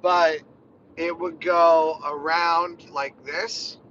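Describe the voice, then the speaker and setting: A man's voice: fairly high pitch, flat delivery, extremely slow, pushed and bright, muffled recording, a little hiss or hum. A man chatting casually during a car ride, rambling and laughing often. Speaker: vlogger.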